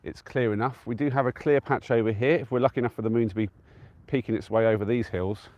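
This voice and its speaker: An easygoing man from England talks to his live-stream viewers from an open hilltop. His voice sits at an ordinary middle pitch, and he keeps up a relaxed, chatty flow as he answers comments from a handheld device. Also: fast talker, no room sound, highs cut off. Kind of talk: casual live-stream chat. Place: outdoors on a windy-free open hilltop at a trig point.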